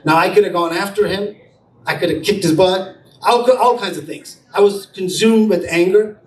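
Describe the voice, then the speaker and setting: A man's voice: sits high, normal speed. A man speaking at an entrepreneurs' event, telling personal anecdotes and acting out the dialogue. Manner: anecdotal, acts out dialogue in quotes. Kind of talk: personal storytelling talk. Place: event room with an audience. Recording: roomy, distant mic, faint ambience.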